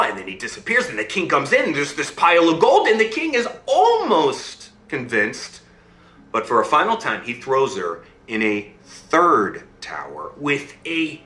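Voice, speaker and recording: A man telling a fairy tale in an animated storytelling style, often checking in with his listener. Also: mid-range voice, reverberant.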